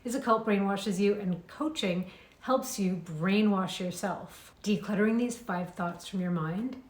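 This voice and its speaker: Young woman coach talking to camera, chatty and lively, mid pitch, bit of room echo. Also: unhurried. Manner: lively, conversational, acts out inner thoughts. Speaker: mindset coach. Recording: roomy echo.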